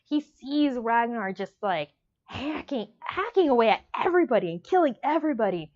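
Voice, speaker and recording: A gushing, emotional woman talks through a book she loves in a casual review vlog, rambling from one point to the next. Her voice sits a little high, and the recording sounds dull and lo-fi. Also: lively intonation, normal speed, darkish tone.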